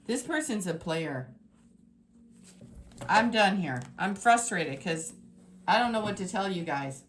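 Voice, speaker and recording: Woman tarot reader, mid-pitched, emphatic and exasperated, faint background hiss. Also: slow. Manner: emphatic, exasperated, swings between scolding and excited. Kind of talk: tarot reading to viewers.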